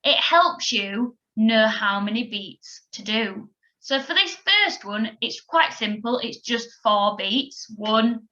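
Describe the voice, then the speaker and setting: A woman gives a children's music lesson on video at an unhurried pace. Her voice is bright and fairly high, patient and encouraging as she counts the class in. The recording sounds slightly dull and lo-fi. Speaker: primary school music teacher.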